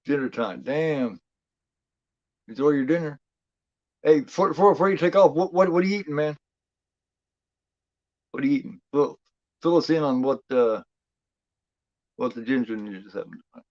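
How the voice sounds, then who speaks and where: Low-voiced guy doing a horror watch-along stream, rambly and sweary, dry dull lo-fi mic. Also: lively intonation, normal speed, pauses often, no room sound. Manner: rambling, profane, many fillers. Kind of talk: casual live commentary.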